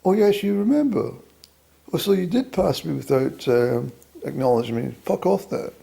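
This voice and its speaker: A touchy, sharp-tongued woman with a Scottish accent, as a man puts her on. She answers in short, indignant retorts, pitched high above his usual voice, with a gravelly edge still in it. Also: lively intonation, normal speed. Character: sharp-tongued woman acquaintance, easily offended.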